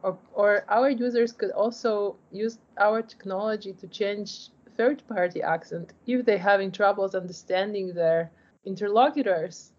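A woman's voice: medium pitch, a little slow, darkish tone. Woman, founder type, explains stuff earnestly, lots of "like", kinda muffled audio. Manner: earnest, explanatory, frequent "like" and restarts. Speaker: startup founder. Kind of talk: interview answers. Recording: dull lo-fi audio.

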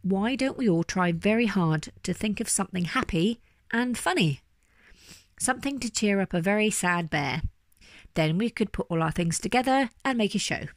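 A woman's voice: medium pitch, lively intonation, normal speed, no room sound, clean studio sound, close to an everyday voice. A woman voicing a playful male jack-in-a-box toy who sings in a bouncy rhythm. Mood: cheerful sing-song. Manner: sing-song, playful.

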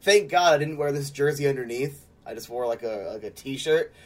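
A man's voice: mid-range voice, normal speed, darkish tone. A man co-hosting a casual sports podcast, rambling with lots of fillers and frequent laughter. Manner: rambling, heavy use of "like", laughs often. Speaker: podcast co-host. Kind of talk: casual chat.

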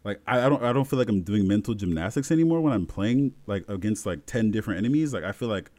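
A young man talking casually and excitedly about a video game, full of fillers and restarts. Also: fairly low pitch, fast talker. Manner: excited, filler-heavy, rambling storytelling. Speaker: gamer friend in a podcast chat. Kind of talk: casual chat.

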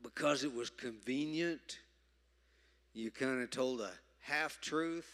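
A man preaching a sermon, emphatic, moving from loud stresses to quiet asides. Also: mid-range voice, slow. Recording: reverberant hall.

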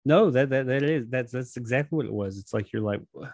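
A man co-hosting a podcast in casual chat, animated and acting out baffled reactions. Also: medium pitch, brisk, dry recording, studio quality. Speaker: podcast co-host.

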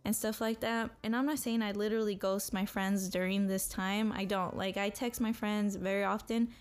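A woman's voice: mid-range voice, fairly even intonation, moderate pace, smooth, faint music behind. A young woman co-hosting a podcast, talking alone in a blunt, profane, self-motivating monologue. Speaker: podcast co-host.

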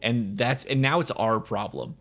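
A man's voice: medium pitch, moderate pace, heavy background noise. A young man co-hosting a casual movie chat, blunt and jokey, swearing freely. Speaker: podcast co-host reviewing a movie.

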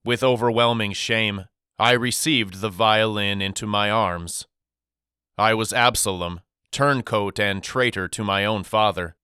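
Slow, clear male storyteller. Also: on the low side, fairly even intonation, bright, forceful tone, dry recording, clean studio sound. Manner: measured, reflective storytelling. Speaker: audiobook narrator. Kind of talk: scripted narration.

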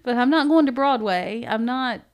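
A middle-aged woman, a bookstore owner, chatting casually as a podcast guest, animated and laughing often as she tells stories. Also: a little high, normal speed, clear, resonant tone, lo-fi sound. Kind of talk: casual interview chat.

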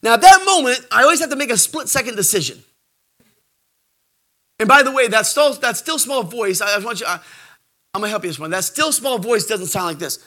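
Male preacher, middle-aged, bright high voice, lively delivery swinging from shouts to hushes. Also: a little fast, long pauses. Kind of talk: sermon.

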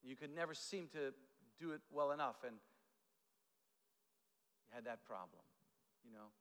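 A man preaching a conversational sermon, halting often, repeating words and adding asides. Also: mid-range voice, fairly bright tone, clear, resonant tone. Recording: echoey hall.

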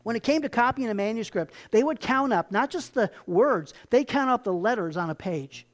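A pastor preaching a sermon with animated storytelling and emphatic turns. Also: medium pitch, moderate pace.

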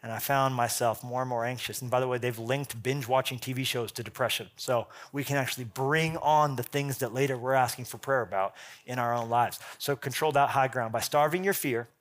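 A man preaching a sermon as pastor, punchy and animated, with quick asides and jokes. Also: mid-range voice.

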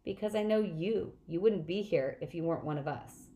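A woman's voice: fairly low pitch, normal speed, warm tone, lightly acted. A woman reading aloud, voicing a clever, earnest teenage girl who patiently explains things.

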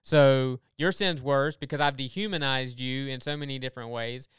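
A man talks through a Bible passage in a casual, earnest way, building his point and rushing through asides. His voice is very smooth and clear, and the recording is dry and close. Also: medium pitch, dry recording. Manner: earnest, explanatory, animated with quick asides. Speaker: podcast co-host. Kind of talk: casual Bible study discussion.

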